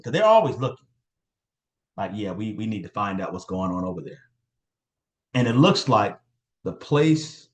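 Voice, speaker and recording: A man hosting a motivational team call over video, hyping people up and repeating names and phrases. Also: on the low side. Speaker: call host.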